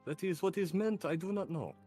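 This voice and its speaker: Guy doing a fake french accent, stiff formal frenchman, high and halting. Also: warm tone, faint music behind, close to an everyday voice. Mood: mock-serious.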